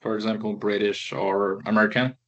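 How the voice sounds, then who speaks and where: Flat, low-voiced male interviewer. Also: brisk, lo-fi sound. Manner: hesitant, brief. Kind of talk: reading prepared questions.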